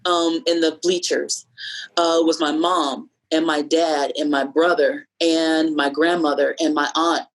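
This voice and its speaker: A middle-aged woman with a low voice tells a personal story, reflective and measured. She pauses often and uses fillers. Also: flat delivery, rough recording. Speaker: podcast guest sharing a personal story.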